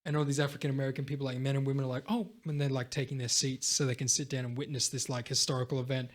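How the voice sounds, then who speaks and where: A young man co-hosting a casual podcast, retelling film scenes with lots of fillers and bursts of excitement. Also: medium pitch, rapid-fire, few pauses. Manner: animated storyteller, acts out film scenes, lots of "like" and "dude". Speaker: podcast co-host. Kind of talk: casual chat.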